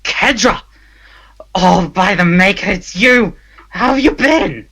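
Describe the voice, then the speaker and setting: A man voicing an eager young male prisoner who talks in excited exclamations. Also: sits high, a little slow, clear, resonant tone, pitched above the performer's own voice, exaggerated voice. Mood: overjoyed.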